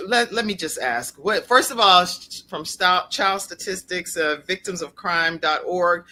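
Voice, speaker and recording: A woman's voice: low-pitched, pushed and bright, a little hiss or hum. A woman talk show host interviewing over a video call, recapping her guest's story and citing figures to the audience. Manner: probing, recaps the guest's story and cites statistics.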